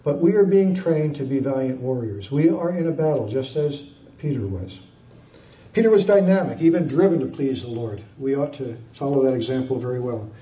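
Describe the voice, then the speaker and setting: Preacher guy telling bible stories, lots of uhs, kinda warm voice, echoey hall sound. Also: mid-range voice. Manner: animated storytelling with chuckles and many fillers. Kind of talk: sermon. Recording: distant, dull, echoey room.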